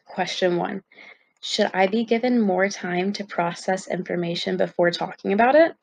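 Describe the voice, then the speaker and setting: A woman's voice: medium pitch, normal speed, no echo. A young woman vlogging to her viewers in a candid, chatty way with lots of fillers. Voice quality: gravelly fry. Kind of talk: casual talk to camera.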